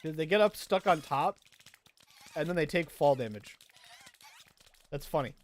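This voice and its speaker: A man's voice: a little high, lively intonation, unhurried. A young man casually chatting through a game livestream, reading out and answering viewer chat as he plays. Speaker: streamer.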